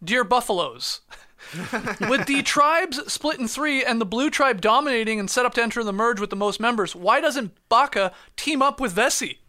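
A man hosting a casual podcast, laughing often and talking quickly. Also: very high voice, expressive, bright, forceful tone. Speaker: podcast host.

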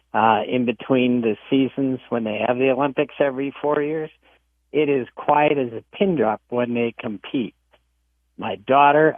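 A middle-aged man calling in to tell a funny story about his daughter in a matter-of-fact, deadpan way. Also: medium pitch, dry recording. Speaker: caller. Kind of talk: telling a funny family story. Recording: tinny phone line.

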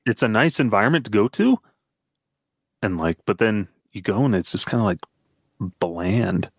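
Young man, casual podcast co-host, rambling filler-heavy talk, low pitch. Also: lively intonation, moderate pace, husky, no echo. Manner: loose, lots of "like" and restarts. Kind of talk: casual sports chat.

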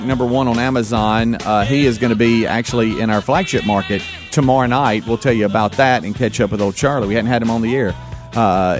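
A man hosting a live radio show, telling a story in an animated way, repeating words and acting out what people said. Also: medium pitch. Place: radio studio.

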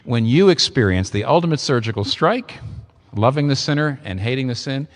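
A man preaching a sermon, emphatic and expressive, with sudden leaps in pitch for emphasis. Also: normal speed, in a large hall. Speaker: pastor.

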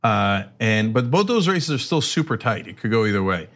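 A middle-aged man talking politics with a co-host in a loose, chatty way. His pitch swings widely as he gets animated, and he slips into little voices to act out what others said. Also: normal speed. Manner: animated, acts out quotes. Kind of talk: casual political chat.

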